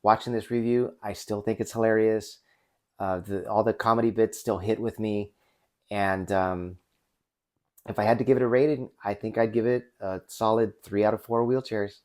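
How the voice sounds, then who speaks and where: Male host in his forties, deeper register, loose unscripted review delivery that trips over itself often. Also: fairly even intonation, normal speed, a little mellow. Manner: rambling, with many restarts and fillers. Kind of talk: casual unscripted movie review.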